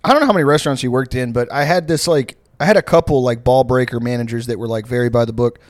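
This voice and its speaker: Fast-talking and medium-pitched, this young man is heard in studio-quality audio with no echo. As a podcast co-host he spins casual, profane, meandering comedic stories, laughing often.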